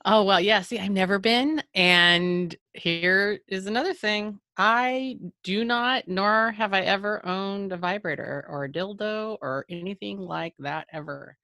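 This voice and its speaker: A woman's voice: medium pitch, unhurried, few pauses, pushed and bright, no echo, studio quality. A woman guesting on a podcast, speaking frankly in a casual, rambling way. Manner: frank and rambling, restarts often. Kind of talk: candid casual chat.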